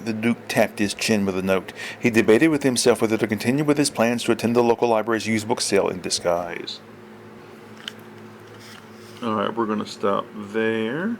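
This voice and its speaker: A man reading absurdist comic fiction aloud, deadpan and expressive. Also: lowish voice, moderate pace, a little hiss or hum. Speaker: storyteller.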